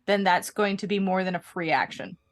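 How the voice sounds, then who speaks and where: A woman running a tabletop game as game master, calm and matter-of-fact as she narrates and rules. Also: on the low side, a little fast, faint music behind.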